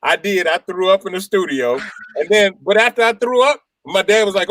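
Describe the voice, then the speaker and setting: A man with a slightly high voice, a radio DJ spinning casual stories as a guest. He is animated and slips into mimicking voices as he goes. The sound is dry and close. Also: a little fast, dry recording, rough recording. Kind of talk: casual storytelling chat.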